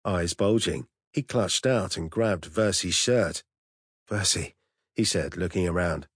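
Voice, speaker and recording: A man narrating an audiobook in a steady, measured storytelling voice. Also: deep voice, slightly rough, no room sound, studio quality. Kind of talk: scripted narration.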